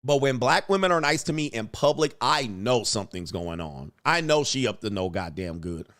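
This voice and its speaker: A man hosting a casual livestream, talking animatedly and swinging between mocking high voices and low mutters. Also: expressive, moderate pace, a bit bright, no room sound, studio quality. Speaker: host.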